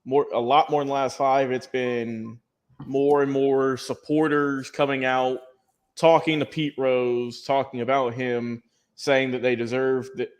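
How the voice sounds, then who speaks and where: A man co-hosting a sports talk show, talking casually with restarts and repeated words. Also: mid-range voice. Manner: rambling, repeats words, addresses co-host by name.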